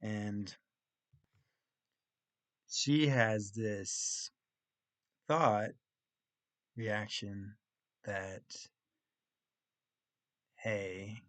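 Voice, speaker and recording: A young college guy talks through his week in a casual vlog, walking step by step through a story he heard in class. He takes his time with pauses and restarts. His voice sits a little low and sounds dry and close, with no room around it. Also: fairly even intonation, no room sound. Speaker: college student.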